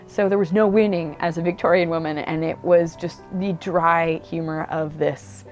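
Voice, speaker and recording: A woman's voice: low-pitched, fairly even intonation, moderate pace, faint music behind. A woman talking casually about books she has read, chatty and enthusiastic, with lots of "like" and "um". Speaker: book vlogger. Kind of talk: casual book review monologue. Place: indoors at home. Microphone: camera mic.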